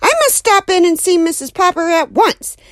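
A woman reads as a flustered neighbor lady in a children's storybook, her voice jumping up high and loud in shrill indignation. The exclamations sound scandalized, with a dry, close sound. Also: normal speed, no room sound. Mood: alarmed. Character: flustered middle-aged woman neighbor, easily shocked. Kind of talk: audiobook character voice.

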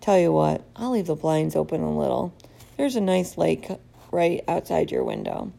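A jolly, talkative male night janitor who chats and cracks jokes in a friendly way, as a woman reads him aloud from a storybook. His voice carries a heavy gravelly fry. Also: low voice, wildly swooping pitch, moderate pace, dark tone, heavily acted. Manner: chatty, jokey, friendly. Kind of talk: storybook reading.

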